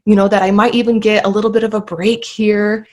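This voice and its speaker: Woman, 30s, earnest, heartfelt, podcast guest, mid-pitched voice. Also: little pitch movement, brisk, darkish tone. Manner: earnest, emotional, many fillers. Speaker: guest sharing birth story. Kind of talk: podcast interview storytelling.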